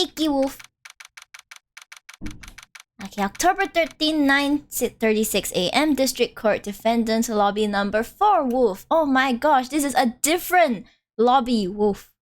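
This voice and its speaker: A woman's voice: high voice, expressive, a little slow, a little hiss or hum. A woman streamer chatting casually and playfully with her live chat, teasing and giggling. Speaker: game streamer.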